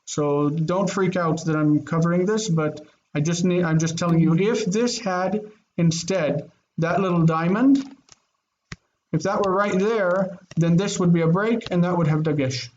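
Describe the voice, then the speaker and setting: A man's voice: high-pitched, a little slow, a little mellow, lo-fi sound. A man teaching a Biblical Hebrew grammar lesson online, explaining with eager enthusiasm and thinking aloud. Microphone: video call.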